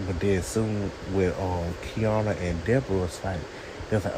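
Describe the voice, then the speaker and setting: A man's voice: low-pitched, fairly even intonation, moderate pace, noisy background. A man reviewing a TV show in a sassy, opinionated rant, talking straight to his viewers.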